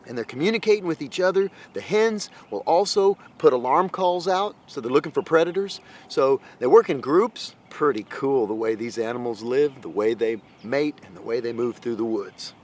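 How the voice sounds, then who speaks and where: A man hosting a hunting show, giving excited outdoor commentary in the field, at times dropping to a hushed voice. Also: mid-range voice, slight background noise.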